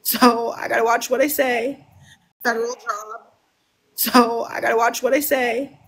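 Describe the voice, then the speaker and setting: A woman speaking as a livestream guest, halting and emotional, restarting her sentences as she tells a family story. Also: on the high side, level tone, a bit bright, slightly rough.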